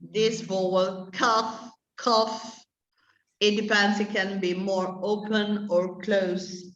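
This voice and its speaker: A woman teaching an adult English class, explaining slowly and carefully with many pauses. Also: fairly low pitch, a bit bright, roomy sound, lo-fi sound. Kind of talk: adult language lesson.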